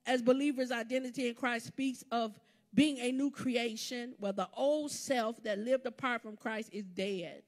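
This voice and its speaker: A woman's voice: a little high, unhurried. A woman preacher delivering a sermon in a church, building to fervent exhortation with repeated phrases. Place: church sanctuary. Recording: live church service with background music. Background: instrumental music playing under the sermon.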